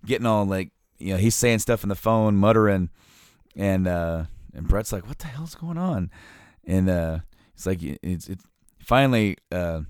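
A man with a lowish voice tells stories in a casual chat, halting and rambling with many fillers and restarts. The sound is dry and close to the mic. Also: a little mellow, smooth, no echo.

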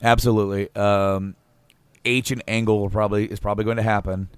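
A man's voice: fairly low pitch, little pitch movement, fairly quick, smooth, no room sound. A man co-hosting a casual podcast chat, rambling with restarts, laughing often and swearing casually. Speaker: podcast co-host.

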